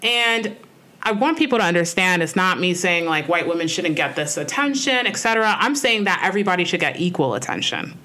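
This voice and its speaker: A woman co-hosting a podcast, speaking in an earnest, reflective way in a slightly low voice. She keeps it loose and conversational, leaning on "like" and "you know" as she thinks aloud. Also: animated, a little fast, bright, forceful tone. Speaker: podcast co-host. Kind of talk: casual conversational chat.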